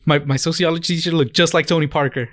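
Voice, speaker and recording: A man's voice: on the high side, fairly even intonation, fast, a bit bright, no echo, clean studio sound. A young man co-hosting a podcast, chatting casually and rambling through stories with lots of restarts and self-corrections. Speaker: podcast co-host. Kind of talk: casual chat.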